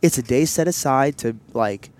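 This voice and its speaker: A man of ordinary pitch talks openly and at length, wandering through his story with lots of "like" and "you know," stopping to explain himself as he goes. He sounds like a podcast host chatting with a friend while out in public, speaking into a headset mic. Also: moderate pace, a little mellow. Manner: candid, rambling storytelling with many fillers and asides. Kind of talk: casual chat. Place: outdoors in public, wearing headsets.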